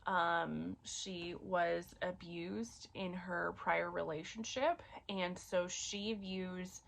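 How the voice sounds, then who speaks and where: A woman's voice: lowish voice, steady tone, extremely slow, creaky, fairly bright tone. A woman casually reviewing romance books she read, chatty with many fillers, getting emotional about a favorite series. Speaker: book reviewer. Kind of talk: casual book review chat.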